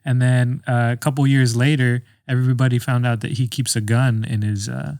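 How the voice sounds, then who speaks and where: Laid-back podcast cohost, gravelly voice, dry close sound. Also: male voice, mid-range voice, little pitch movement, normal speed, darkish tone, no room sound. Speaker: podcast co-host. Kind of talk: casual chat. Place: apartment.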